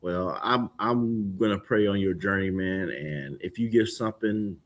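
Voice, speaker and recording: A man's voice: sits low, unhurried. A man hosting a podcast in a loose, encouraging way, often calling his guest man or bro. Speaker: podcast host. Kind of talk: casual conversation.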